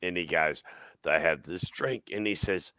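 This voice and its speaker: An Australian man telling a funny story in casual chat, laughing often and jumping into high voices for the people he quotes. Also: a little slow, sharp tone, dry recording.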